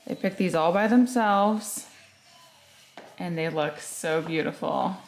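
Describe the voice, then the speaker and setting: A woman's voice: lowish voice, slow, reverberant. A woman in her thirties chatting casually to the camera at home, telling family stories with frequent laughs. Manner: chatty storytelling, often laughing. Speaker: vlogger.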